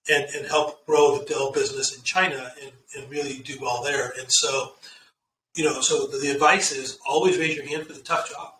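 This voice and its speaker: A middle-aged man talking as an interview guest, telling career stories and giving earnest, animated advice. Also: medium pitch, moderate pace, distant mic, slight background noise. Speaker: guest executive. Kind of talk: casual interview chat. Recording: echoey room, off-mic, faint ambience.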